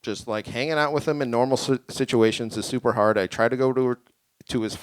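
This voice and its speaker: A young man doing a stand-up set in a small venue, rambling and deadpan, a bit tipsy. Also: medium pitch, a little fast, smooth, dry recording. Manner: deadpan, rambling, self-deprecating. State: tipsy from drinking. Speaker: stand-up comic. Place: small creative community venue with live audience.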